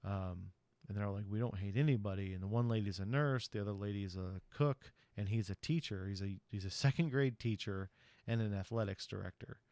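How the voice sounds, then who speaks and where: A man's voice: fairly low pitch, a little fast, a little mellow, dry recording. A man hosting a podcast, recapping a film plot in a chatty, rambling way, with lots of ums and you-knows. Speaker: podcast host. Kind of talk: casual movie recap.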